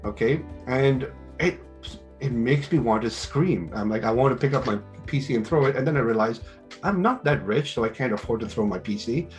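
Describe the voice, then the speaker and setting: A middle-aged man, a business school teacher, interviewing and giving advice in a lively way, acting out conversations as he tells stories. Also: mid-range voice, normal speed, faint music behind. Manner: animated storytelling with quoted dialogue.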